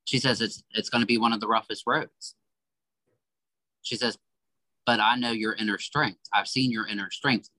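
A man's voice: mid-range voice, sharp tone, dry recording, rough recording. A man guest, a psychic medium, giving a reading and earnestly relaying quoted messages. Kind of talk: giving a spiritual reading in conversation.

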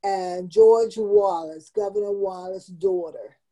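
A woman's voice: lowish voice, takes it slowly, mellow, low-quality recording. A woman in her seventies, a community founder, telling her life story in an interview with earnest, emotional emphasis. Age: 70s.

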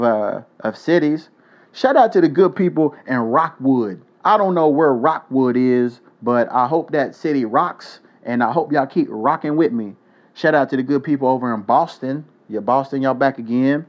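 A young man hosting a casual solo podcast, joking loosely and swearing freely as he gives shout-outs to listeners. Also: mid-range voice. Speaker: podcast host.

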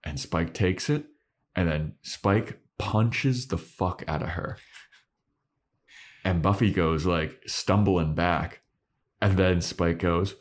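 A man co-hosting a podcast, retelling a show's scenes in casual chat and acting out the characters' lines with quick put-on quotes and plenty of swearing. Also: low-pitched. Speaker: podcast co-host.

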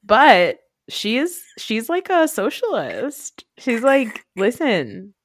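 A man's voice: very high voice, big pitch swings, takes it slowly, a bit bright, a little hiss or hum. A man co-hosting a podcast, rambling and gossipy in casual recap chat, full of fillers. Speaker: podcast co-host.

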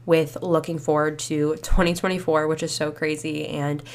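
Young female podcast host, deep-toned, casual and reflective, slightly congested. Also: flat delivery, moderate pace. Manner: chatty, reflective, many fillers like "you know" and "like". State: slightly stuffy after a cold, a bit out of breath. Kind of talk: casual solo podcast talk.

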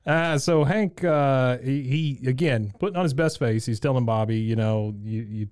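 A man's voice: normal speed, a little mellow, smooth, no room sound, studio quality. A man co-hosting a podcast, casually recapping an episode, laughing often and acting out lines in raised voices. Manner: laughs often, acts out quotes in higher voices. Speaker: podcast co-host.

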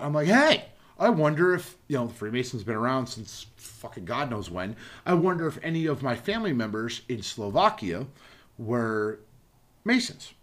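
Rambling, profane podcast host. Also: male voice, medium pitch. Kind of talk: casual podcast chat.

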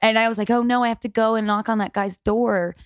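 A woman's voice: a little high, steady tone, quick pace, no echo, studio quality. A woman co-hosting a podcast in casual chat, telling brash stories with swearing and laughter. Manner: brash, storytelling, swears freely, laughs often. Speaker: podcast co-host.

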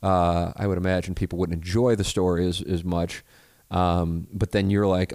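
Deep-voiced man rambling casually. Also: little pitch movement, normal speed, a little mellow, no room sound, clean studio sound. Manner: profane, loose, full of restarts and hedging asides. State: married. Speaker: podcast host answering listener email.

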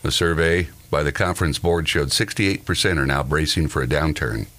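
A man's voice: very deep voice, fairly quick, a bit bright. A man hosting a morning radio show, reading news items in a casual way and laughing often. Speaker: host.

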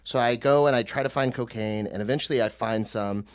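A man's voice: mid-range voice, fairly quick, clean tone. A young man, a podcast co-host, telling a rambling and self-deprecating comic story, swearing casually.

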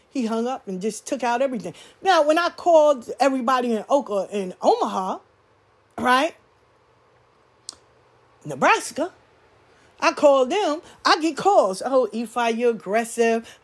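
High-pitched woman, blunt and profane, animated storyteller speaking candidly. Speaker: spiritual practitioner.

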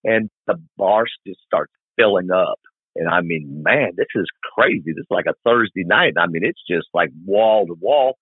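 A middle-aged man with a fairly low, husky voice tells stories in a lively, casual way and acts out each scene. The sound is dry and thin, like a phone call. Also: moderate pace, dry recording. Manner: animated, colloquial storyteller who acts out scenes. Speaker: guest, long-distance motorcycle rider. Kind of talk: podcast interview storytelling. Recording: tinny phone-like remote line.

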